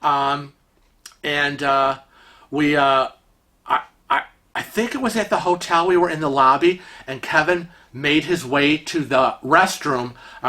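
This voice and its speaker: Animated high-voiced man telling stories. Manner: animated, rambling, many fillers. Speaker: vlogger. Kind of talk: casual storytelling.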